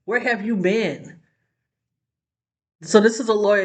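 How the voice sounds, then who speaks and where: A woman's voice: mid-range voice, moderate pace, long pauses. Woman vlogger firing off rhetorical questions. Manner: talks to the viewer with rhetorical questions and frequent "like" and "you know". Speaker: vlog host. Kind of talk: casual commentary chat.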